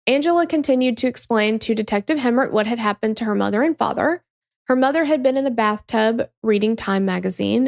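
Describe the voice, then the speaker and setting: A woman's voice: fairly high pitch, gravelly. A woman hosting a true crime podcast, telling the story in a casual, emphatic way and swearing freely.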